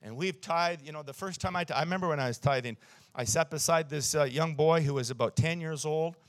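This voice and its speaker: A man's voice: on the high side, a little fast, dry recording. A man around sixty, preaching a sermon in church and telling stories with emphasis, often chuckling at his own jokes. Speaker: pastor.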